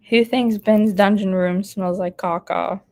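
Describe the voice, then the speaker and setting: A woman's voice: medium pitch, steady tone, takes it slowly, a little mellow. A woman hosting a casual live stream, chatting and laughing as she reads out viewer comments. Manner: chatty, laughs often while reading comments aloud. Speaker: live streamer reading chat.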